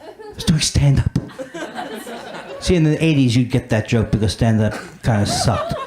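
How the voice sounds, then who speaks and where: A man's voice: mid-range voice, wildly swooping pitch, normal speed. A man doing a stand-up comedy set on a club stage, riffing on his own weak jokes and mocking himself. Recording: roomy club sound with a laughing crowd. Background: audience laughter.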